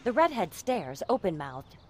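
A woman's voice: medium pitch, normal speed, slight background noise. Woman narrating audio description. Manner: calm, even-paced scene description. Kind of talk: scripted narration.

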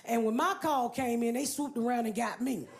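A woman's voice: a little high, normal speed, background noise. A woman stand-up comedian telling a story on stage in a brash, profane way, talking straight to the crowd. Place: comedy stage before an audience.

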